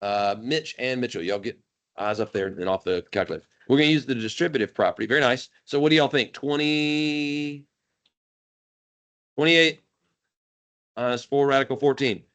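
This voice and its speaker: A man's voice: medium pitch, moderate pace, pauses often, a bit bright. Folksy man teaching a math class. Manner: folksy, joking, quizzes students by name. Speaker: high school math teacher.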